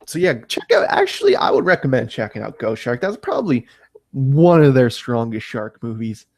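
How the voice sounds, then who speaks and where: A man's voice: mid-range voice, big pitch swings, normal speed, no room sound. A man with a Canadian accent co-hosting a podcast in casual chat, rambling and hesitant, full of fillers. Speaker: podcast co-host.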